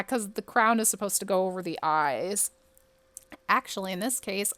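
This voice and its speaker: A woman's voice: mid-range voice, fairly bright tone, no echo. Chatty woman muttering through a game. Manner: chatty, muttering to herself, quick to exclaim. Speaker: game streamer. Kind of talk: casual commentary while playing.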